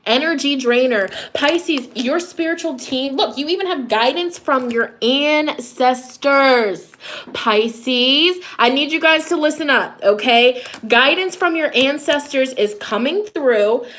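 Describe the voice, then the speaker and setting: A woman's voice: high voice, takes it slowly, fairly bright tone. A woman tarot reader speaking to camera in a casual reading, direct and repetitive, with chatty asides about herself. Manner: direct, repetitive, addresses listeners as a sign.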